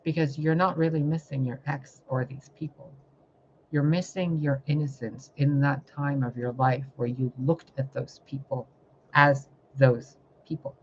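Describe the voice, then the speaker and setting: A woman's voice: a bass voice, fairly even intonation, a little slow, muffled recording, slight background noise. A woman tarot reader giving an impassioned spiritual monologue, fiery and confrontational, full of swearing and rhetorical questions.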